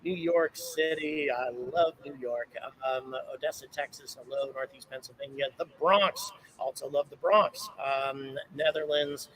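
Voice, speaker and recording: A man's voice: a little high, a little slow, few pauses, a bit bright, poor audio. A man hosting a live stream outdoors, rambling and chatty as he thanks viewers and reads out where they are watching from. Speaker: livestream host. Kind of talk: casual live stream chat. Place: outdoors at a launch site viewpoint. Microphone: own microphone on a handheld camera setup.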